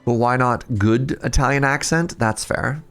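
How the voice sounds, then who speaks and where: A man's voice: mid-range voice, a little slow, creaky, fairly bright tone, smooth, soft background music. A man streaming a strategy game, talking casually and joking as he plays. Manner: chatty, joking, reacts aloud. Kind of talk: casual gameplay commentary.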